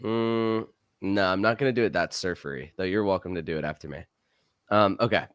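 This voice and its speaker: A young man co-hosting a podcast, chatting casually in an energetic, playful way. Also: deep voice, brisk, clear, resonant tone. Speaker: podcast co-host.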